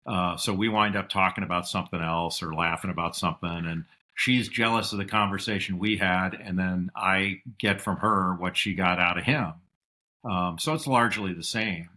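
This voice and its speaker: A middle-aged man telling stories as a podcast guest, reflective, and lively when he quotes his father. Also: sits low, moderate pace. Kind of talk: casual interview storytelling.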